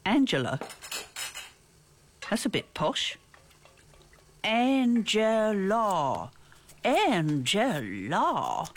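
A woman's voice: lowish voice, sing-song, a little slow, pauses often, slight background noise. An actor playing a dismissive, teasing woman in a kitchen.

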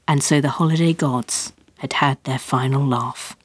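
A woman's voice: very deep voice, fairly even intonation, moderate pace, few pauses, slightly rough, dry recording. A woman narrating a memoir audiobook with wry, comic storytelling.

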